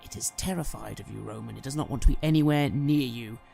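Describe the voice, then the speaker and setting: A man's voice: mid-range voice, fast, gravelly, mellow, faint music behind. A man narrating a tabletop horror game as game master, telling the story dramatically.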